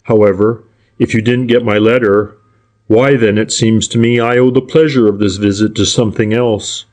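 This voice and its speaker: A man's voice: fairly low pitch, steady tone, normal speed, darkish tone, close to an everyday voice. A man voicing a furtive, civil private detective in an audiobook, speaking in a polite, deferential and roundabout way. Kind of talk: audiobook character reading.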